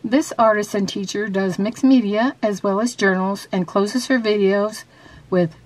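A woman's voice: medium pitch, unhurried. Chatty woman crafter, lots of fillers. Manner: chatty, with frequent fillers and restarts; reads quiz questions aloud. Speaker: craft vlogger. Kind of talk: casual show-and-tell and quiz.

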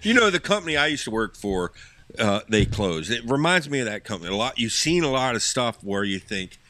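Brief: male podcast sidekick, bright and lively, dry teasing reactions. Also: medium pitch, fairly quick, no room sound. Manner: teasing, reacting with short interjections. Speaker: podcast co-host. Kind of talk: casual chat.

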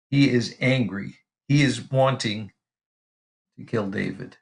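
A pastor teaching from the Bible in a relaxed, conversational way, reading verses aloud and pausing often with fillers and restarts. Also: male voice, mid-range voice, gravelly. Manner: casual and halting, many fillers and restarts; reads scripture aloud.

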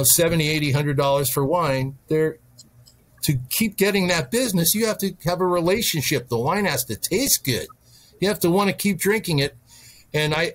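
Middle-aged guy, a bit high-pitched, rambling wine stories w lots of restarts. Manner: chatty, anecdotal, frequent restarts. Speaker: wine specialist guest. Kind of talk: storytelling interview chat.

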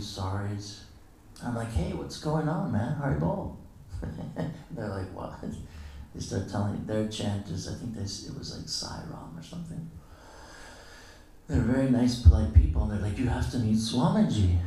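Male lecturer, low and dark-toned, relaxed storyteller who acts out quotes; very echoey, distant hall recording. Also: a little hiss or hum. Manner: casual storytelling, acting out quoted dialogue with chuckles. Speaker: guest lecturer at a temple. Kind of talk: anecdotal morning lecture. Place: temple hall.

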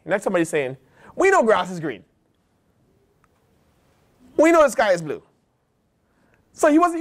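A man with an American accent, a pastor preaching a sermon and acting out the voices of God and the prophets. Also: fairly high pitch.

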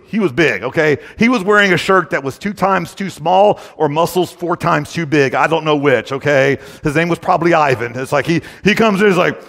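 On a conference hall stage, a male speaker with a high-pitched, slightly bright voice and some vocal fry rambles through a casual, joking story packed with filler phrases. The hall's long reverb hangs on everything.

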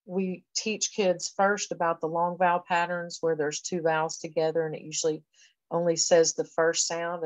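This recorded lecture features a woman professor of education working step by step through a reading assessment in a conversational tone, full of fillers. Her pitch is fairly low, and the audio is poor, with no room sound.

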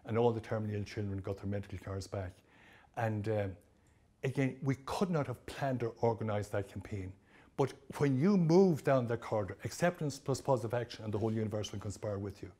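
A middle-aged Irish man giving an animated storytelling presentation at a training day, acting out the people he quotes. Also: lowish voice. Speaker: motivational speaker.

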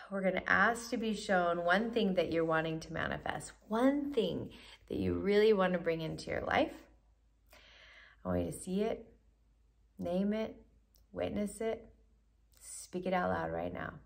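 A woman coaching listeners through a guided breathing practice, with gushing, excited encouragement and frequent drops into a breathy whisper. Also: fairly low pitch, a little slow, long pauses. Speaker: manifestation coach.

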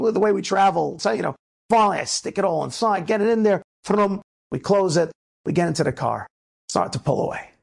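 A man from the United States gives an inspirational talk as a rabbi. His voice is gravelly and a little husky. He tells his stories in lively low asides and then presses his point in emphatic preaching. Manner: animated storyteller, swings between low asides and emphatic preaching.

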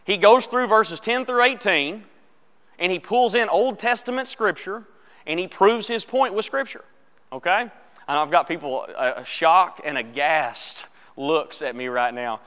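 A man's voice: high voice, a little slow, fairly bright tone. A man teaching a church Bible class. He reads scripture aloud and chats casually with the class, asking them questions. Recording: long church hall reverb.

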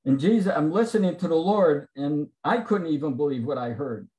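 A man's slightly high, mellow voice moves quickly with lively intonation as he gives his personal testimony as a guest at a men's Bible study on a video call. He acts out the dialogue of the people in his story. His computer mic produces reverberant, poor audio.

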